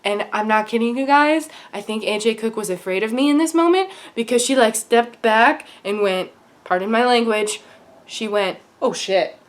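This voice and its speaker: A young woman vlogging at home, telling a fan-meeting story with hyperactive, gushing excitement. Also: fairly high pitch, moderate pace.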